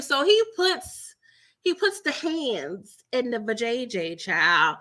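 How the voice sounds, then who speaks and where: A woman hosting a casual TV recap livestream, talking in an animated, dramatic way with slangy asides and quick impressions of the characters. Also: on the high side. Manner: mimics characters' lines in quick voices. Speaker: recap channel host.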